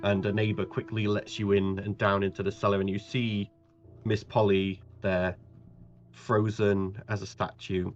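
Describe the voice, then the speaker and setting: A man narrating as game master of a tabletop game, measured and halting. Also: lowish voice, level tone. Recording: dull lo-fi audio, faint music.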